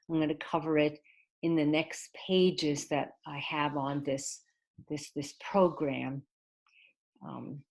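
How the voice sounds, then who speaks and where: Low-voiced with vocal fry and a darkish tone, this ESL teacher works through an online English lesson at a slow, patient pace. Her explanations are full of pauses and fillers, and she adds Mandarin glosses for the class.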